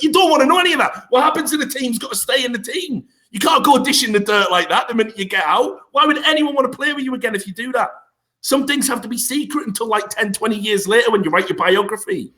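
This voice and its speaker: A young man co-hosting a podcast, ranting in animated bursts and swearing freely. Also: high voice, a little fast. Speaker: podcast co-host. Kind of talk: casual podcast banter.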